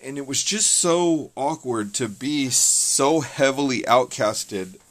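A young man from California speaks in an earnest, rambling way, often restarting his sentences. His pitch sits in the ordinary middle range. It sounds like a personal testimony told to the listener. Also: lively intonation, takes it slowly.

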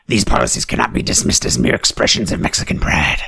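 A man reading a political text in a sarcastic deadpan, breaking into mock-outraged asides. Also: quick pace, creaky, few pauses, slightly rough, no echo. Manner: deadpan reading broken by shrill outbursts. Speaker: satirical commentator.

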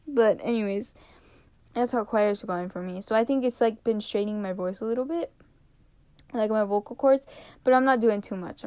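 A woman's voice: a little high, moderate pace, darkish tone, no room sound. A young woman in her late teens chatting casually as a podcast host, rambling and giggling at herself. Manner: rambling, giggly, self-mocking. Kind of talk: casual chat.

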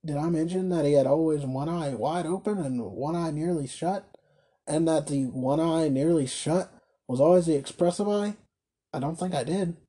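A man reading a classic novel aloud as narrator, with a measured, slightly wry delivery. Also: on the high side, dark tone, breathy edge. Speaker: audiobook reader. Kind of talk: storybook narration.

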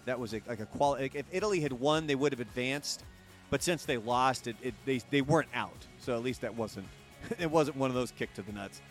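A man hosts a laid-back live-streamed talk show, chatting and joking with the lively energy of a quiz host. His voice sits in the mid range and moves a touch quickly, with faint music playing underneath.

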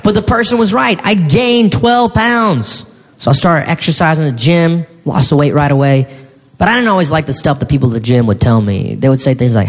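A man performing a stand-up comedy routine, animated, with mock-shouting asides. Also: a little high, fairly quick. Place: comedy stage before an audience. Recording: live hall with reverb, faint noise.

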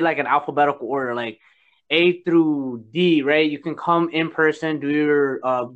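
A man's voice: fairly high pitch, fairly bright tone, dull audio. A young man talking bluntly on a casual podcast, swearing and saying "dude" a lot. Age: young adult. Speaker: podcast guest.

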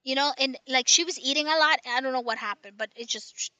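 A woman's voice: high-pitched, fairly quick, pushed and bright, smooth, dry recording, highs cut off. A woman in casual chat, telling a long rambling story full of restarts and tag questions.

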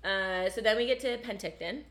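Young woman spilling a crazy trip story, lots of likes and swearing, mid-pitched voice. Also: normal speed. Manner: animated storytelling, swearing, many "like" fillers. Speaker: storyteller guest. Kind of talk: casual chat.

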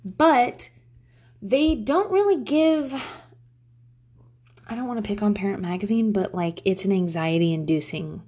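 A woman's voice: mid-range voice, unhurried, long pauses, a little mellow. A woman in her thirties talking casually to camera as a parent, candid and profane, rambling with lots of fillers. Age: 30s. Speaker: parent vlogger.

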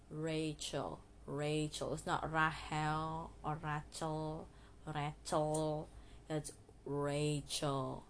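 A woman's voice: lowish voice, a little hiss or hum. A woman hosting a casual solo podcast, giving English tips in a rambling, giggly way and stopping herself often. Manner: rambling, giggly, self-interrupting; playful, drawn-out name demonstrations.

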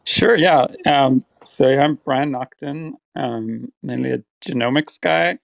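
A man in his forties from Ireland with a slight South Dublin accent, a guest talking in a relaxed, thoughtful way with frequent fillers. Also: medium pitch, unhurried, gravelly, no echo. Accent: slight South Dublin Irish. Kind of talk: casual interview chat.

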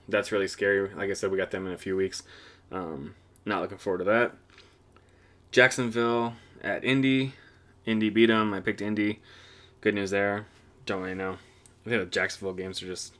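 A young man recapping the week's games on his own podcast, talking loosely and cursing freely. His voice sits a little on the low side, and he drifts through his thoughts with fillers and restarts. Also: a bit bright. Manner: rambling, profane, offhand. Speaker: podcast host. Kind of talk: casual solo football podcast recap.

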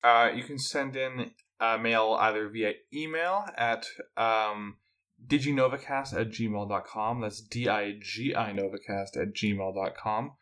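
A man's voice: lowish voice, a little slow, a bit bright. A man co-hosting a podcast in casual chat, chatty and repeating words as he thinks aloud. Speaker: podcast co-host.

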